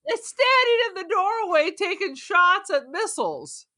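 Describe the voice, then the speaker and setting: A woman's voice: very high voice, big pitch swings, a little slow, pushed and bright. A woman co-hosting a podcast in casual chat, sarcastic and blunt as she riffs on a movie. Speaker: podcast co-host.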